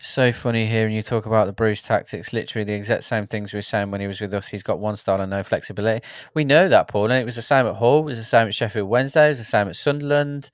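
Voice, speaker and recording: A man's voice: on the low side, quick pace, hardly any pauses, no room sound, clean studio sound. A man hosting a live fan football show, chatting and reading out viewer comments. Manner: chatty, reads viewer comments, laughs often. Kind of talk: live football watchalong chat.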